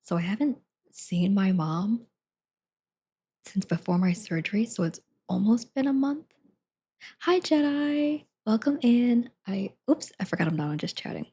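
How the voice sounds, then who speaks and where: A woman's voice: medium pitch, expressive, moderate pace, vocal fry, mellow, slightly rough. A young woman streaming live from her desk at home, chatting to viewers in a rambling way and laughing often. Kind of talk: casual chat to viewers.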